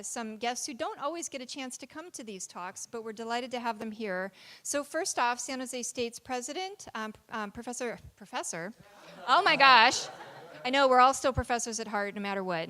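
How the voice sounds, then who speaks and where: Speaking into an amplified microphone in a university lecture hall, a college dean gives a formal introduction. Her fairly high-pitched voice stays chatty, with light laughs and fillers.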